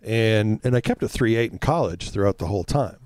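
A man's voice: fairly low pitch, lively intonation, brisk, darkish tone, dry recording, clean studio sound. A man co-hosting a podcast in casual chat, telling candid stories with the odd swear word. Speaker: podcast co-host.

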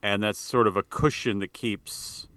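A man's voice: fairly low pitch, steady tone, measured pace, a bit bright, no room sound. A man co-hosting a podcast in casual chat, rambling with fillers and restarts and swearing offhandedly. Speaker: podcast co-host.

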